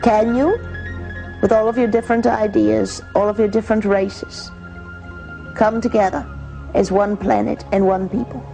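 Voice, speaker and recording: A woman channeling a calm female spirit who claims to come from Venus, speaking slowly and soothingly. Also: medium pitch, creaky, soft background music, natural voice, poor audio. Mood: serene. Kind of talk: channeling session.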